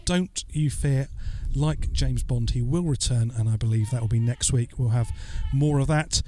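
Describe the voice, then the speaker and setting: Filling in as a podcast host, a man fields listener questions in a loose, joking manner, with plenty of "uh" fillers. His voice is medium-pitched and dark-toned, and he speaks at a moderate pace.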